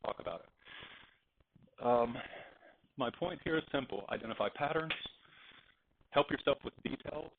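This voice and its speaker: A man's voice: mid-range voice, measured pace, creaky, long pauses, background noise. Male teacher lecturing on a tinny recording. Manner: animated, digressive, acts out anecdotes. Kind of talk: classroom lecture. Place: classroom.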